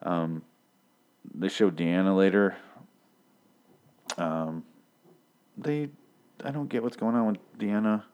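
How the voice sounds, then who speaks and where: Deep-voiced man ranting casually. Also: takes it slowly, pauses often, a little mellow, clear, resonant tone. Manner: profane, rambling, loses track of names. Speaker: TV episode recapper. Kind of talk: casual rambling recap.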